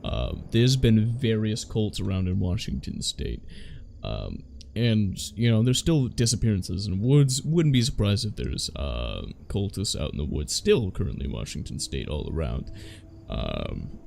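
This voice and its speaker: A man's voice: on the low side, sing-song, a little slow, gravelly, a little mellow, a little hiss or hum. A man streaming a horror game live, chatting with his audience in a rambling way with lots of fillers. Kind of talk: live gameplay commentary.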